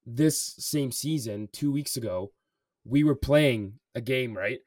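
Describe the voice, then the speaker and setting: A man's voice: mid-range voice, takes it slowly, a little mellow, no room sound, studio quality, recorded from a distance. A young man co-hosting a podcast, telling a story in casual chat, swearing often and filling with "like" and "bro". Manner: swears a lot, says "bro" and "like" constantly. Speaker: podcast co-host.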